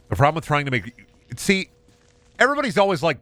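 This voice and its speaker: Young male streamer, lively pitch, bright voice, rambling fast goofy chat, faint hiss behind. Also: no room sound. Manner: fast, rambling and goofy, often loud and high when joking. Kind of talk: casual gaming stream chat.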